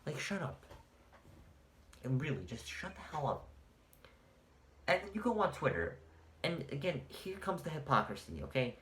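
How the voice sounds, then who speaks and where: A man's voice: fairly high pitch, very animated, moderate pace, pauses often, a bit bright, roomy sound, a little hiss or hum. A man ranting in a heated, sarcastic and profane sports vlog, mocking fans of a basketball team. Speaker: sports commentator.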